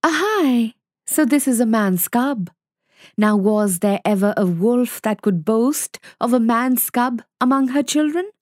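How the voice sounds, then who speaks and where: A woman voicing a tender, bold mother wolf in a read-aloud story, speaking softly. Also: animated, unhurried, no room sound, clean studio sound. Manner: soft, higher voice.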